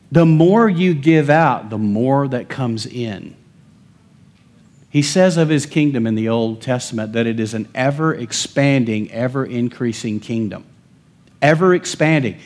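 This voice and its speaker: Man, pastor, sermon, emphatic then quiet asides, fairly high voice. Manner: emphatic preaching, swings between loud declarations and low asides.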